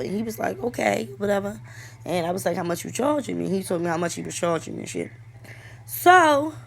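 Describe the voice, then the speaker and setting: A woman's voice: fairly low pitch, a bit bright, a little hiss or hum. A woman, vlogging a casual storytime while trying on lipstick, telling it animatedly with lots of fillers and swearing. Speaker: beauty and coupon vlogger.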